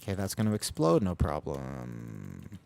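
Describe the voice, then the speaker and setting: This American streamer has a rumbling low, gravelly voice that's a little mellow, with wildly swooping pitch and a slightly slow delivery. Talking casually to his viewers during a game, he rambles, pokes fun at himself, and throws jokey remarks to chat.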